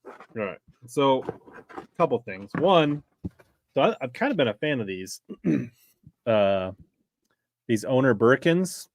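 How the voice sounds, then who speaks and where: A man's voice: mid-range voice, sing-song, slow pace, long pauses, no room sound. A man hosting a casual chat, easygoing and critical, with frequent fillers like "like" and "uh". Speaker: channel host.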